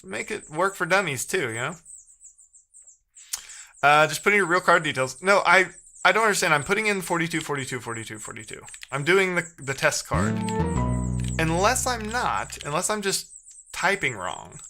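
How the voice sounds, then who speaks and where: A man's voice: a little high, sing-song, moderate pace, bright, forceful tone, faint music behind. A man live-streaming himself debugging code, thinking aloud and trading sarcastic banter with his chat. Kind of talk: casual live-stream coding commentary.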